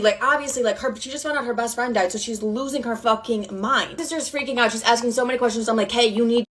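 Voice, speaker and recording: Young woman rattling off a wild storytime, swears a lot, kinda high voice. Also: a bit bright. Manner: fast, profane, chatty retelling with quoted dialogue. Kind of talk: casual storytime.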